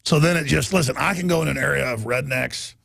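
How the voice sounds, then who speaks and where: A man's voice: medium pitch, fast talker, creaky, fairly bright tone, dry recording, studio quality. A man hosting a talk radio show, ranting in a heated, mocking way.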